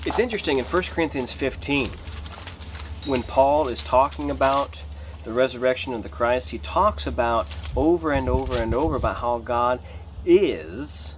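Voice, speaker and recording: A man preaching an unscripted sermon, emphatic and animated, rising to near shouts on key points. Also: medium pitch, a little hiss or hum. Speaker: pastor.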